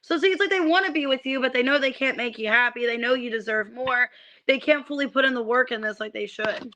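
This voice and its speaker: Woman tarot reader, high tense voice, irritated ranting, swears, stumbles on restarts. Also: a little fast, sharp tone, lo-fi sound. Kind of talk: livestreamed tarot reading.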